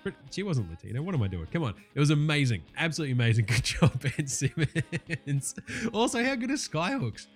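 Sweary excitable Australian podcast host. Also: male voice, on the high side, brisk, husky, soft background music. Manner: profane, excitable, laughing rants. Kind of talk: casual sports podcast chat.

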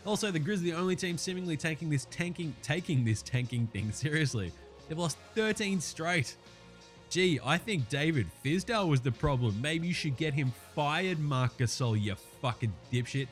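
A man with an Australian accent and a hoarse, sore throat, chatting casually as a podcast host and swearing freely. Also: fairly high pitch, expressive, faint music behind. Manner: brisk, swearing, slangy chat.

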